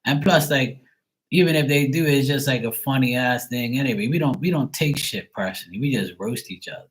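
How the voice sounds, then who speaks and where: A man chatting casually to camera, rambling and swearing freely in a relaxed way. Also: mid-range voice, a little fast, low-quality recording. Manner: rambling, profane, laid-back. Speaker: tarot reader, channel host.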